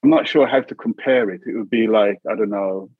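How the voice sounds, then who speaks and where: Husky-voiced man telling stories over a tinny line. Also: fairly low pitch, brisk, no echo. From England. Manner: chuckles often, acts out voices in his stories. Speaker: interview guest, poet. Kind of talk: relaxed storytelling in an interview.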